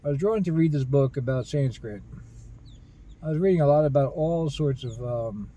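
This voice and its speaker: Earnest, halting man with a dark voice. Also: medium pitch, low-quality recording. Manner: halting, many restarts and fillers, earnest. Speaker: spiritual video host. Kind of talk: rambling personal monologue.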